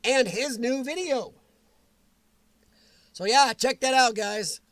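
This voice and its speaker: A man hosting a casual livestream, answering viewers' comments in a chatty, animated way with frequent chuckles. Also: very high-pitched, slow, no echo. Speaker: livestream host.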